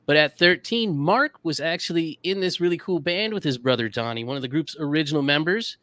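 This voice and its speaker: A fairly high-pitched man speaks briskly, with lively intonation and a fairly bright tone. He co-hosts a comedic history podcast and tells the story in a laid-back, self-deprecating manner, keeping it a casual, funny history chat.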